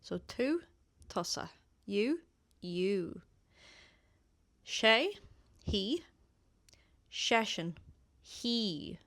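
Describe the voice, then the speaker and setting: Irish woman, language teacher, patient, drills phrases slowly, dry close sound. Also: mid-range voice, big pitch swings, fairly bright tone, dry recording. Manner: patient, repeats example phrases slowly for learners. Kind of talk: casual online language lesson.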